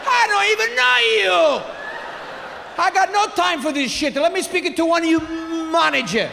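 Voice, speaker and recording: A man doing his older immigrant father, gruff and blunt, speaking broken English, on a hall stage mic. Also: high voice, fairly quick, fairly bright tone. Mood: indignant. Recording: stage mic in a hall with long reverb, faint noise.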